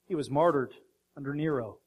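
A man's voice: a little high, a little fast, a little mellow, slightly rough. A man preaching a sermon with emphatic rhetorical questions.

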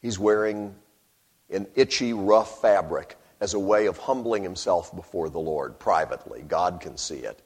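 A man's voice: sits low, normal speed, slightly rough. A man preaching a sermon, telling stories wryly and breaking into emphatic bursts. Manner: animated, wry storytelling with sudden emphatic bursts.

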